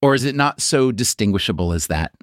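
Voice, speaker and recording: A man's voice: mid-range voice, expressive, brisk, no room sound. A man hosting a radio interview, asking curious, conversational questions into a studio microphone. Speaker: podcast host.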